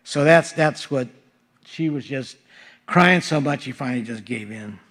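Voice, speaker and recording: A man's voice: mid-range voice, measured pace, a bit bright. A male pastor reading Bible verses aloud and explaining them in a casual, conversational sermon with frequent fillers. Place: church sanctuary.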